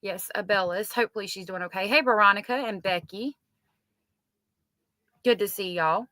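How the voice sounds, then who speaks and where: A woman's voice: medium pitch, normal speed, sharp tone, no room sound. A woman hosting a casual true crime livestream, chatting and reading out viewer comments.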